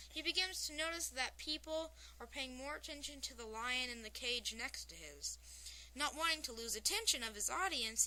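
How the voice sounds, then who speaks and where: A woman hosting a talk show, reading funny stories aloud with animated storytelling. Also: a little high, poor audio. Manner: animated storytelling, shouting out quoted lines.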